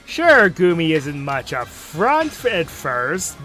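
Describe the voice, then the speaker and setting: Casual let's play guy, lively voice. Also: on the high side, takes it slowly, faint music behind. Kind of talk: casual gameplay commentary.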